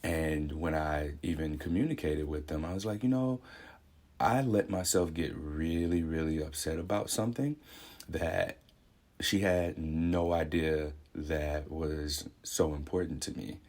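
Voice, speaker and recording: A man's voice: a bass voice, unhurried, darkish tone. A young man speaking a candid, reflective personal monologue in a conversational way, thinking aloud. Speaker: vlogger.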